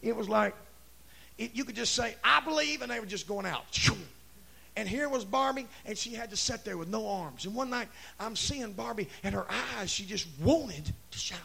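A man preaching a Pentecostal revival sermon, shouting in rising bursts. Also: high voice, normal speed, vocal fry, breathy edge. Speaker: pastor.

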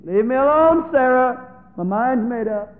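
A man voicing an old, resolute patriarch who speaks low, heavy and grave. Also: animated, slow. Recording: tinny, phone-like echoey hall.

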